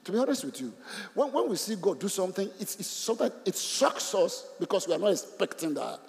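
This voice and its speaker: A man preaches with a high, lively voice that swings widely in pitch. He repeats himself for emphasis and keeps asking the congregation questions, breaking into laughs. His voice rings through the long reverb of a large hall. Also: fairly quick, vocal fry. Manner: animated, repeats phrases, asks the congregation questions, laughs often. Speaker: pastor. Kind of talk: sermon.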